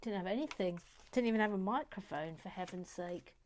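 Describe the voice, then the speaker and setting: A woman talks casually at a middle pitch as she builds. She chats, pokes fun at herself and drops to soft mutters now and then. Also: brisk, heavy background noise. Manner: chatty, self-mocking, reads out viewer messages; mutters softly while building. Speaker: host of a brick-building channel. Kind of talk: casual building vlog chat.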